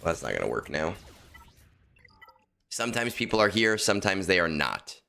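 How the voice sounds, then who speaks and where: A man with a deep, low voice talks casually through a game stream, muttering and second-guessing himself as he plays. His tone is relaxed and conversational, like he is chatting with regulars. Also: normal speed, gravelly. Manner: muttering to himself, self-correcting. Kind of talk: casual livestream chat while playing.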